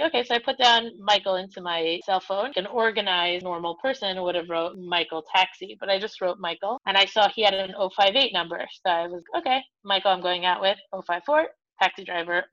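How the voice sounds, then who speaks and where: Young woman guest, lively storyteller who puts on voices, dry close sound, slightly muffled. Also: mid-range voice, dry recording. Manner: animated, acts out voices in her stories. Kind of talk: casual storytelling.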